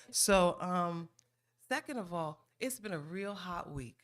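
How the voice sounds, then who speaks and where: A woman's voice: lowish voice, lively intonation, measured pace. A woman giving an informal public comment at a council meeting, talking in a playful, folksy, teasing way and often drawing out "ooh".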